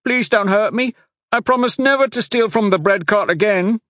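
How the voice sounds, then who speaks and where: Man doing a high, pleading waif of a boy, tearful and scared, for a storybook reading. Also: a little slow, no room sound, studio quality, lightly acted. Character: frightened ragged street boy, about ten, tearful.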